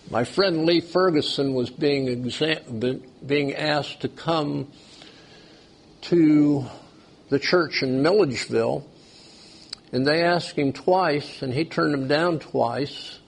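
Man, sermon, slow delivery, gravelly, slightly high voice. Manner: slow, questioning the congregation. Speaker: pastor.

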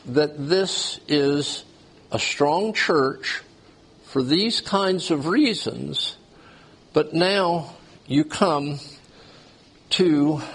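Slow gravelly preacher. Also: male voice, a little high, fairly bright tone. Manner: slow, questioning the congregation. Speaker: pastor. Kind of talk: sermon.

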